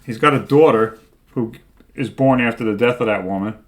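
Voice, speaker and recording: A co-host with a mid-range voice speaks briskly, retelling comic book plots in a rambling, casual way full of "like" and "right?".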